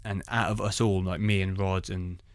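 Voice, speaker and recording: A man, a stand-up comedian, telling anecdotes in an animated way. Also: sits low, normal speed, smooth, no room sound, studio quality. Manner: animated storytelling. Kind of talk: conversational anecdotes.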